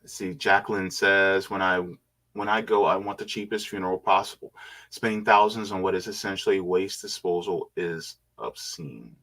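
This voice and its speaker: A man hosting a casual livestream, reading viewer comments aloud and musing on them in a laid-back way with quiet hums. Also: deep voice, fairly even intonation, normal speed.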